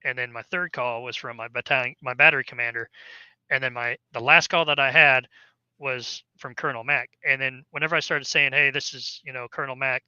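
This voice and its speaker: A man's voice: mid-range voice, fairly even intonation, brisk, bright, forceful tone, smooth, no echo, highs cut off. A man, an army veteran, casually telling a long story in an interview, rambling with many fillers and restarts.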